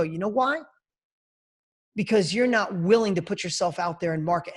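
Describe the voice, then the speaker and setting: A man's voice: high-pitched, lively intonation, brisk, breathy edge. A man in his fifties, a podcast guest, telling a motivational story in an emphatic, punchy way, speaking in bursts.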